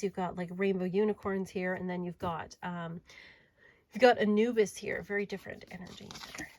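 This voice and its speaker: An adult woman showing off her tarot and oracle decks in a casual video, chatty and enthusiastic, sometimes dropping to a soft murmur. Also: medium pitch, slight background noise, low-quality recording. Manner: chatty and enthusiastic, drifting to soft murmurs while handling cards. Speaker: tarot reader and deck reviewer. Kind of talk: casual show-and-tell video.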